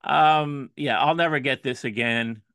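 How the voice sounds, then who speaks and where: Gravelly, bright-voiced male co-host. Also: medium pitch, unhurried, no echo. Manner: hesitant, stammering, laughs often. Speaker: podcast co-host. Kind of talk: casual food-review chat.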